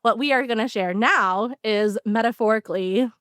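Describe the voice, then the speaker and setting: Chatty, higher-voiced woman podcast host. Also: moderate pace, no room sound, studio quality. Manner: animated storyteller, frequent "like" fillers. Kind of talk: casual podcast chat.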